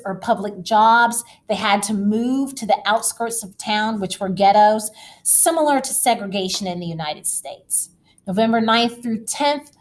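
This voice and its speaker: A woman teacher giving a recorded history lecture, lively and dramatic, speaking straight to her students. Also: a little high.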